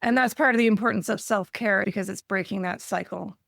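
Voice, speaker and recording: Gravelly-voiced woman podcast host. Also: mid-range voice, fairly quick, fairly bright tone, no echo, studio quality. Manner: brief affirming remarks and questions. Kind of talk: interview conversation.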